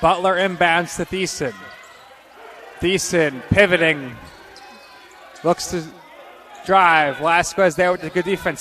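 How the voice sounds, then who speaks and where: Male play-by-play announcer for a basketball game; higher, bright tone, measured pace between the calls. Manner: rapid-fire calls, bursts of excitement on scores. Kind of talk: live basketball play-by-play commentary.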